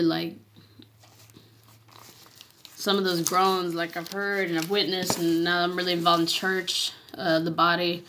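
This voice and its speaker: A woman with a lowish voice gives a personal faith testimony, reading from her journal in a casual, earnest manner. She's halting, with frequent pauses, restarts and fillers, and sometimes drops to a hush.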